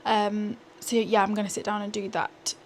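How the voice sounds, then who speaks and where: This is a casual vlog from a pregnant young British woman, filmed on a small handheld gimbal camera indoors at home and while walking outdoors. Her self-deprecating asides come at a normal speed, in a level tone and medium pitch, with a little hiss or hum in the recording.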